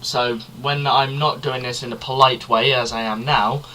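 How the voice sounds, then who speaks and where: A young man chats loosely on a homemade podcast, wandering from point to point. His voice is bright and edged, with a faint hiss of background noise under it. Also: mid-range voice, steady tone, normal speed. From Britain. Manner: rambling, chatty, loose swearing. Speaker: podcast co-host. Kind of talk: casual chat.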